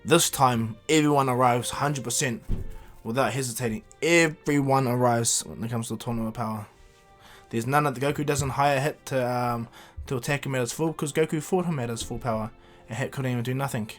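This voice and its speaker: A man's voice: medium pitch, a little fast. Rambling male storyteller with music. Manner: rambling, with fillers and restarts. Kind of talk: casual fan retelling of a cartoon story.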